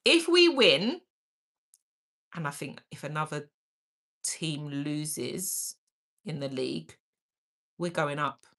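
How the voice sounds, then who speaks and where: A woman's voice: low-pitched, lively intonation, slow, pauses often, a bit bright. Bubbly woman chatting with viewers. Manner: drops into a whisper for asides. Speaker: livestream host. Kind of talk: casual live chat reading comments.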